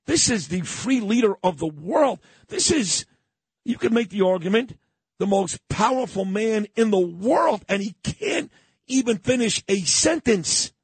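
Man, middle-aged, radio talk host, raised voice, lively intonation, emphatic, dry studio sound. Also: high voice, unhurried, slightly rough, no echo. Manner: animated, emphatic, repeats himself for effect. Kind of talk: opinionated morning radio talk. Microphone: studio broadcast mic.

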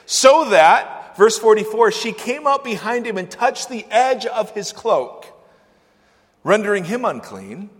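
A male pastor giving a conversational sermon, with animated swings between loud, emphatic lines and soft asides. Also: high voice, unhurried. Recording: long church-hall reverb.

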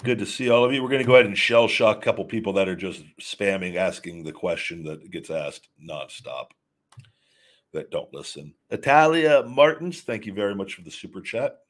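Speaking at normal speed with a voice on the low side, a man runs a live show and reads viewers' super chats. He's casual and emphatic, often starting his sentences over.

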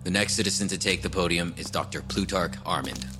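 An actor playing a stern male court official in an audio drama, formal and measured. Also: low voice, music in the background.

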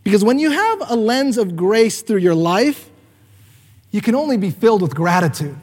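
A man's voice: sits high, sing-song, moderate pace, big-room sound. A man in his thirties, a pastor, preaching a sermon as a chatty personal story, with fillers and acted-out quotes.

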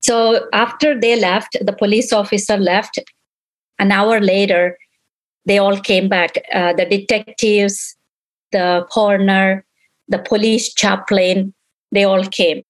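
A grieving middle-aged mother tells her story at an unhurried, measured pace. Her voice sits at an ordinary pitch for a woman. She often slips into quoting what others said to her as the painful account unfolds. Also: little pitch movement, low-quality recording. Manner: slow, emotional retelling, quoting others. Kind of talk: recounting events in an interview.

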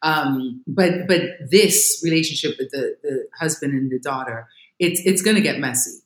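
Thirtysomething woman guest, fairly low voice, acts out all the quotes, roomy echoey sound. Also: normal speed, slight background noise. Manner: animated storytelling with acted-out quotes. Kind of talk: casual chat. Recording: roomy echo.

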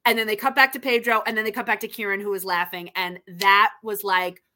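Bright, gushing woman podcast co-host. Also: medium pitch, level tone, a little fast. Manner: gushing, enthusiastic. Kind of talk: casual awards recap chat.

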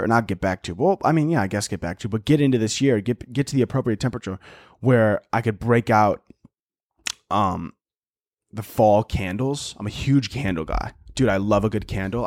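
A man's voice: fairly low pitch, no echo, clean studio sound. A young man hosting a solo comedy podcast, crude and mock-aggressive, often laughing at his own jokes. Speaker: podcast host.

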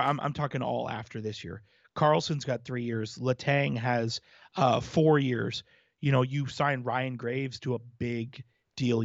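A man's voice: medium pitch, no echo, lo-fi sound. Analytical man on a hockey podcast. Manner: analytical, talks through points at length. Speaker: podcast co-host. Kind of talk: casual sports chat.

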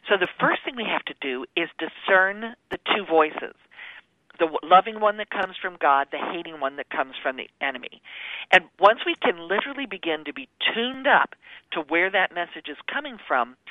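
A woman joins a faith-based radio show by phone, her voice thin and tinny with a dry sound. She talks in an earnest, teaching way and sounds somewhat deep for a woman. She puts on small voices for the quotes she acts out. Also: big pitch swings, normal speed, dry recording. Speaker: guest author. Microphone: phone call.

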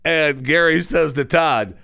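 A man hosting a radio show, chatting casually and telling a story with lively jokes from a studio. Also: lowish voice, normal speed, vocal fry, clear, resonant tone, no echo. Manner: animated storytelling, joking. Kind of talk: casual chat.

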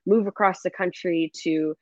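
A woman football coach, a guest chatting in an animated, laughing way and filling her talk with "like". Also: fairly low pitch, moderate pace, no echo. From Canada. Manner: animated and laughing, fills speech with "like". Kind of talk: casual interview chat. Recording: dull lo-fi dry sound.

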